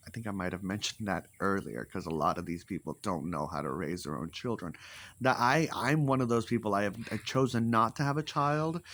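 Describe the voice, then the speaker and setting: A man giving blunt opinions in a casual monologue, animated, swearing freely and repeating his points for emphasis. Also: lowish voice.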